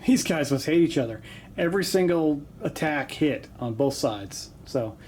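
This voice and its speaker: This man's voice sits on the high side with lively intonation and a normal speed, recorded against a noisy background. He's running a casual battle report for a tabletop wargame from his home basement, joking around, calling the dice, and saying "uh" a lot.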